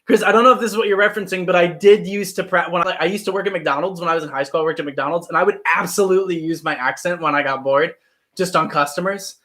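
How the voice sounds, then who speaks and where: A man's voice: high-pitched, fast, bright, forceful tone. A man in his twenties, an actor and channel host, chatting casually on a live stream and answering viewer comments. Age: 20s.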